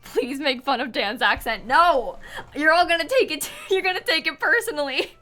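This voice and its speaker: Bright-voiced young woman streamer. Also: high-pitched, expressive, moderate pace. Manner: chatty and giggly, reading out chat thanks. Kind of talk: casual live-stream chat while gaming. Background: faint music.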